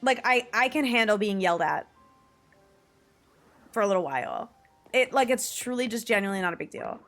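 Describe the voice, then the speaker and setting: Soft music plays in the background as a young streamer from the New York / New Jersey area talks casually to her viewers during a game. She speaks at medium pitch, brisk and animated with a bit of brightness, swearing freely and laughing a lot.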